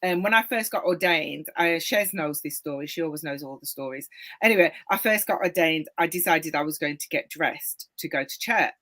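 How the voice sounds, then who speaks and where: A woman, a co-host and pastor, talking in a reflective, measured way as she tells a story. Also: deep voice, pushed and bright. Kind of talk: casual interview chat, storytelling.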